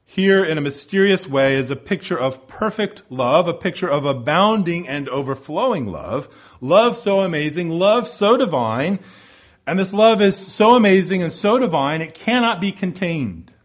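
A man preaching a sermon, building emphatic repeated phrases and dropping to hushed low endings. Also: expressive, normal speed. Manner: repetitive rhetorical build-ups.

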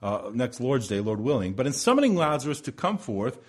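A man preaching a sermon as pastor, building to loud emphatic swells and slowing on key words. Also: medium pitch, very animated.

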